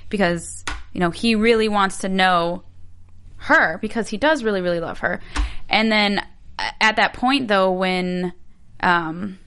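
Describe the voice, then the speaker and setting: Woman, casual recap chatter, bright tone, rambling. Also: medium pitch, unhurried, clear, resonant tone. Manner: chatty, loses her train of thought. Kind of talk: casual reality-TV recap chat.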